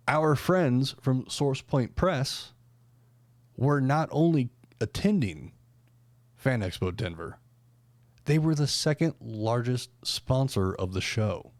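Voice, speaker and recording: A man's voice: mid-range voice, lively intonation, slow, no echo. A man hosting a podcast in casual chat, rambling with lots of fillers and restarts. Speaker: podcast host.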